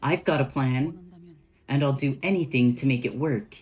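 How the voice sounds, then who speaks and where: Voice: mid-range voice, normal speed, a little mellow, faint music behind, natural voice. A streamer reading the lines of a blunt female whale hunter who is set on her plan. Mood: determined. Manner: read-aloud game dialogue, plain delivery.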